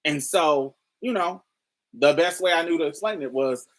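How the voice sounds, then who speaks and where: A woman's voice: low-pitched, normal speed. A woman telling a personal story in a candid, casual way, swearing freely and laughing often. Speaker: storyteller host.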